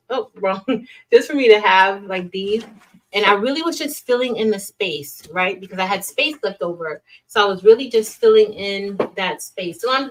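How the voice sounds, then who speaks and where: A woman's voice: on the high side, low-quality recording. A young woman hosting a casual craft livestream, chatting loosely, trailing off and restarting sentences as she greets viewers by name.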